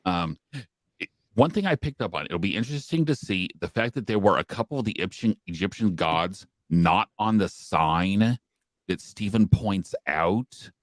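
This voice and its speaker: A man co-hosting a podcast, talking casually with hesitant pauses and fillers. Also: low-pitched, animated, no room sound. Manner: hesitant, many ums. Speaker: podcast co-host. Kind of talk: casual discussion.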